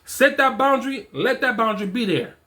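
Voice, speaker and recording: A man's voice: very high-pitched, lively intonation, fairly quick, bright, forceful tone. A man in his forties giving casual, emphatic motivational talk to other men, repeating his points with slang. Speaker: fatherhood and men's coach.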